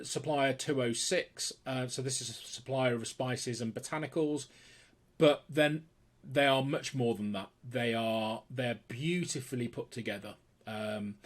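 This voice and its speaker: A man of ordinary pitch hosting a weekly product rundown. He talks off the cuff and keeps stopping to restart with plenty of ums and uhs, and he sounds keen as he pitches each item. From United Kingdom. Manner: unscripted, many fillers and restarts, enthusiastic sales pitch. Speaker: host presenting weekly product picks.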